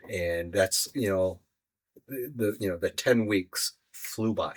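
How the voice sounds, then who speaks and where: A man with a deep, low voice tells his own story as a podcast guest. He speaks earnestly and haltingly, leaning on "you know" while he gathers his thoughts. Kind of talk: personal storytelling in an interview.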